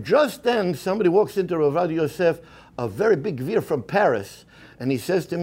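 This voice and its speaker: Rabbi, male, lively storyteller, high and very expressive pitch. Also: a little fast, slightly rough. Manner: animated, acts out the people in his stories; mixes Hebrew and Yiddish terms into English. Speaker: rabbi giving a talk. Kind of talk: storytelling sermon.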